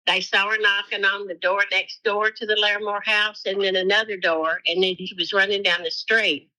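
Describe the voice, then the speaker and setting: Woman, interview guest, bright voice, chatty and casual. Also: medium pitch, fairly even intonation, moderate pace, poor audio. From Arkansas, US. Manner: chatty, with fillers like "you know".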